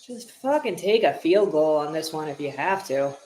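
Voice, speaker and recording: A woman's voice: sits low, lively intonation, normal speed, a little mellow. A woman hosting a livestream, chatting casually and reacting with exasperation as she watches a football game. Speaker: livestream host. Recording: roomy echo.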